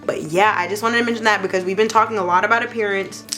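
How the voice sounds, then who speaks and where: A young woman in a casual beauty review vlog, talking playfully and gushing with excitement. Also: medium pitch, fast, faint music behind. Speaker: beauty vlogger.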